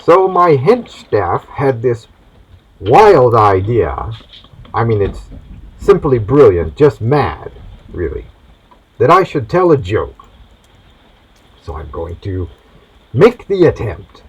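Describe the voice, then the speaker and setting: A man's voice: medium pitch, very animated, slow pace, pauses often, breathy edge, highs cut off. A man hosting a comic monologue in a theatrical, hammy mad-doctor persona. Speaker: host.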